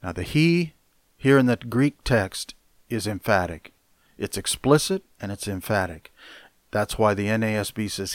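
A male pastor preaching a sermon with deliberate, emphatic phrasing and pointed pauses. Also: on the low side, expressive, dry recording, studio quality.

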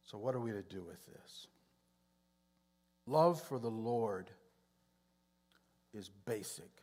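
A man teaching from the Bible in a sermon, speaking in a measured way and often clearing his throat. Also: on the low side, animated, a little mellow.

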